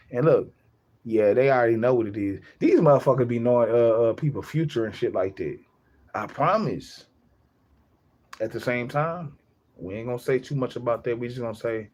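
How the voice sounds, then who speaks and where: A man's voice: mid-range voice, lively intonation, normal speed, long pauses, darkish tone. Rambling young man on a livestream. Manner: rambling, repeats himself, laughs often. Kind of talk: casual livestream chat.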